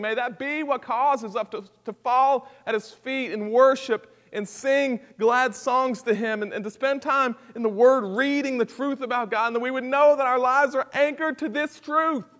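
A man preaching a sermon at a church service, swinging from hushed intensity to loud, impassioned delivery. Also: very high-pitched, steady tone, moderate pace, hardly any pauses, long reverb tail. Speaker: pastor.

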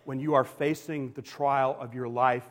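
A male pastor preaching a sermon in a church, emphatic and swinging between loud declarations and hushed, quiet lines. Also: mid-range voice, steady tone, normal speed. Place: church sanctuary. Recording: long hall reverb.

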